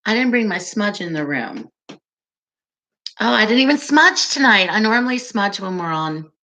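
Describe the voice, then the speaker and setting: A woman hosting a casual livestream, chatting with viewers in a soft, calming voice and an unhurried, giggly way. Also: mid-range voice. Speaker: livestream host.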